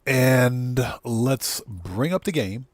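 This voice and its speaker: Man, gaming livestream host, mid-pitched voice, casual rambling chat, slightly choked up, soft music underneath. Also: extremely slow, dry recording. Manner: relaxed, rambling, greets chat viewers by name.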